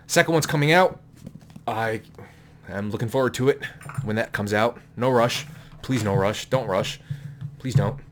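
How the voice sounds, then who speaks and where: A man with a mid-range voice chats casually to the camera while showing off his book collection at home. He rambles, corrects himself along the way, and has an offhand, slightly crude manner, while a distracting noise sounds in the room.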